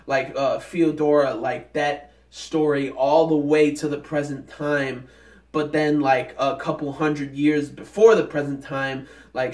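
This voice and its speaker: A man with a fairly high voice gives an excitable recap of an anime. He leans on "like" and jumps into the characters' lines. He sits back from the mic in a room with a lot of echo. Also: recorded from a distance. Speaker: anime reviewer. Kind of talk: casual spoken recap.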